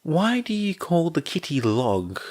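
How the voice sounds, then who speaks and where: Curious little girl, soft questioning voice, a bit higher, fan audiobook, man reading her. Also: huge pitch swings, measured pace.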